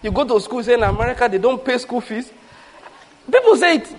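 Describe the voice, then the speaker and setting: A Nigerian-accented male preacher with a notably high voice, delivering a sermon with lots of repetition. He drives points home with rhythmic lists and slips in humorous asides to the congregation. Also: steady tone, fast talker, rough recording.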